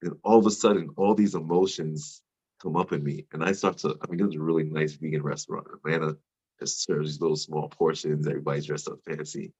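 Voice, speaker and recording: A man with a very low, husky voice tells his own story in an earnest, reflective way. He talks it through openly and confessionally. The recording sounds dull and lo-fi. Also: steady tone, quick pace, a little mellow. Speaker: storyteller at a men's sharing circle. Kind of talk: personal spoken storytelling.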